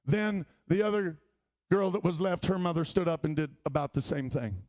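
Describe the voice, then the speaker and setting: A man preaching a sermon, telling stories and rising into shouted appeals. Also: fairly high pitch, moderate pace, no echo. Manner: storytelling preaching that climbs into shouting.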